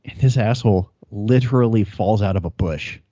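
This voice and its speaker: A man's voice: lowish voice, normal speed, dark tone, no echo. A young male police officer telling a chase story on a casual podcast, laughing, swearing and acting out radio calls. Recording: dry, dull lo-fi sound.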